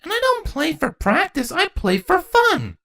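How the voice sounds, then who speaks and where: A woman's voice: very high-pitched, wildly swooping pitch, a little slow, vocal fry, fairly bright tone, voice pushed up, exaggerated voice. A woman voicing a tiny, curious changeling girl in a storybook reading, with a sweet, innocent manner.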